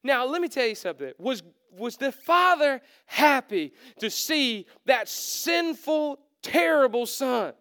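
High clear-voiced preacher man acting out the story, loud then hushed. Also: very animated, a little slow, few pauses, no echo, clean studio sound. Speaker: pastor. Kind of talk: sermon.

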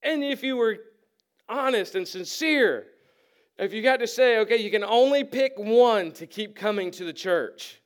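High-voiced man preaching a lively sermon. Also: a little slow, smooth. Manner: conversational, acts out voices with humor. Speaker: pastor. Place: church sanctuary.

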